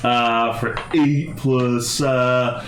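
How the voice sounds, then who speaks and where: A man playing a tabletop game, relaxed and halting, with a lot of filler words. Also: mid-range voice. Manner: relaxed, hesitant with many fillers. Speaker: player. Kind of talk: casual tabletop game chat. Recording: roomy mic with faint noise.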